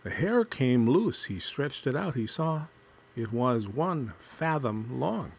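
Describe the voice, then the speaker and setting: A man reading a folk tale aloud with a measured, deliberate storytelling cadence. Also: medium pitch, very animated, vocal fry, a little hiss or hum.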